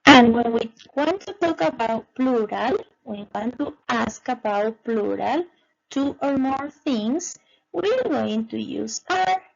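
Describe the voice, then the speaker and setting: A woman teaches English in a slow, patient classroom voice, repeating each word slowly and giving the Spanish alongside it as she switches between the two languages. Her fairly high voice moves up and down in a lively way, and phrase endings drop into a gravelly fry. The recording is dull and lo-fi.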